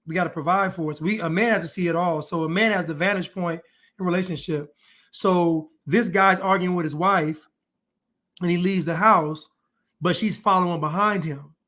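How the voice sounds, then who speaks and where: High-voiced man lecturing on relationships. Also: a bit bright. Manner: preachy, lecturing. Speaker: commentator. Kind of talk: reaction commentary.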